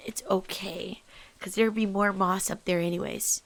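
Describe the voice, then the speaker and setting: A woman hosting a casual let's play, chatting excitedly and sometimes dropping into whispers as she plays. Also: mid-range voice, moderate pace, creaky, a little hiss or hum. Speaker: gaming channel host.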